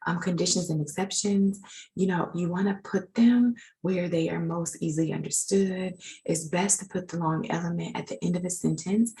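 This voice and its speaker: A woman's voice: lowish voice, creaky, darkish tone, poor audio. A woman teaching legal writing in an informal recorded lecture, chatty and self-deprecating as she edits her slides.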